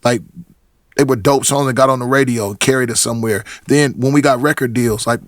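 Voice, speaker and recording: A man's voice: mid-range voice, a little fast, no room sound. Middle-aged man telling stories, dry sound. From Portland, Oregon. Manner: animated storytelling with many restarts and acted-out quotes. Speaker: podcast guest, rapper. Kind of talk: casual chat.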